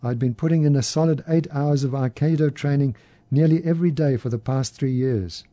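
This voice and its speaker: A man reading a first-person story aloud in a measured, even way. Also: mid-range voice, dry recording. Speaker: narrator.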